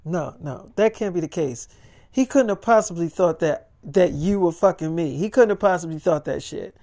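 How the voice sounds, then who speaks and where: A man's voice: on the high side, normal speed, warm tone, natural voice. A man voicing an angry young wife who fires off demanding, profane questions. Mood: shocked.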